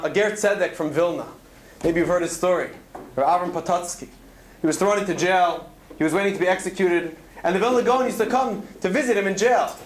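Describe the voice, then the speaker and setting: A man's voice: sits high, echoey room. A man telling stories with earnest conviction in a Torah talk to students, weaving in Hebrew terms. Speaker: speaker at a student event. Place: event hall.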